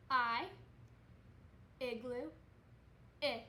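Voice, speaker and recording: A woman teaching second grade, speaking slowly and clearly with encouraging praise as she leads young children through a reading lesson. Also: sits high, sharp tone, a little hiss or hum. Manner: slow, clearly enunciated, encouraging teacher talk. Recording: roomy, echoey room.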